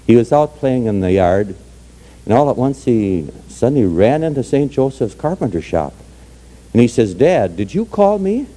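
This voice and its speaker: A hoarse man telling folksy jokes to an audience in a parlor. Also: mid-range voice, animated, moderate pace, mellow. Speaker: entertainer telling Irish jokes.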